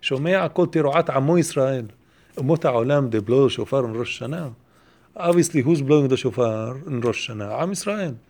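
A man teaching a Torah lesson, asking questions and answering them step by step, repeating phrases and quoting Hebrew passages quickly. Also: mid-range voice, animated, darkish tone.

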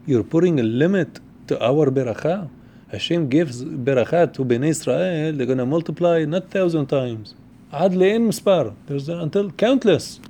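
Fast-talking man teaching Torah. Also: on the high side, animated, mellow, a little hiss or hum. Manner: rapid chanted quotations, repeats words while explaining. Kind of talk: Torah class, explaining texts.

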